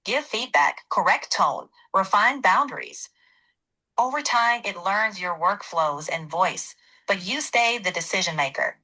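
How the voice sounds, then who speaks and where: A woman's synthetic AI assistant voice, giving calm, scripted advice in an even delivery. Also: medium pitch, measured pace, low-quality recording.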